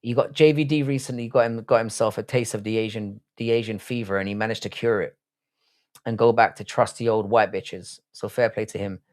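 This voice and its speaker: A man's voice: lowish voice, steady tone, fairly quick. A man in his thirties with a South London accent, chatting bluntly and profanely to his live chat while watching fights. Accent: South London English. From England. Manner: profane, blunt, banter reading chat aloud. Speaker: livestream host.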